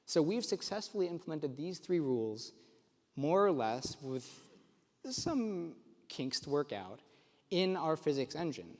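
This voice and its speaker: A young man gives a conference talk with eager, explanatory energy, now and then stumbling into fillers and restarts. His voice sits a little higher than most men's, and it carries through a large room with a long reverb tail. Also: very animated, measured pace, a little mellow. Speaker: conference presenter. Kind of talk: technical presentation.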